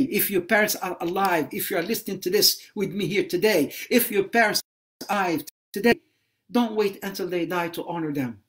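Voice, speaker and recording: On a livestream, an Islamic lecturer delivers an impassioned religious talk, repeating phrases for emphasis and weaving in Arabic religious expressions. His voice is high-pitched and a bit bright, and he speaks fairly quickly.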